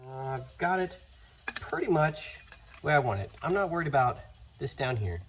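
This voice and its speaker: A man's voice: mid-range voice, sing-song, normal speed. A man hosting a casual DIY workshop how-to, chatty and easygoing, joking at his own mistakes as he works in a home garage. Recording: noisy workshop audio.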